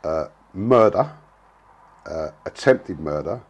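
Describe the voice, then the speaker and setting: A man's voice: low-pitched, lively intonation, slow. A man, telling a story in a blunt, casual way, full of slang and swearing. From England. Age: 60s. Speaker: interviewee.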